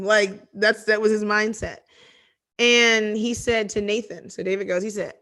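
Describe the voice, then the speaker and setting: A woman teaching a conversational Bible study, reading scripture aloud and then explaining it with animated, chatty asides. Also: medium pitch, a little slow.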